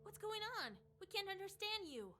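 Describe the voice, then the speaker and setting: A man voicing a bold young heroine, high and bright. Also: big pitch swings, normal speed, long reverb tail, soft background music, exaggerated voice. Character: bold young woman witch, commanding.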